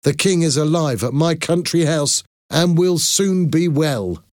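A man's voice: fairly high pitch, expressive, unhurried, a little mellow, no echo, studio quality, voice pushed up. A man voicing a loyal, earnest friend who speaks reassuringly in an audiobook. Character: loyal devoted male friend, soldier. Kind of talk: audiobook character voice.

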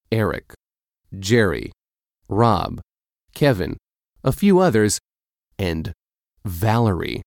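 Male narrator, lowish voice, measured clear read, dry booth sound. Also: no room sound. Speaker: audiobook narrator. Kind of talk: scripted storybook narration.

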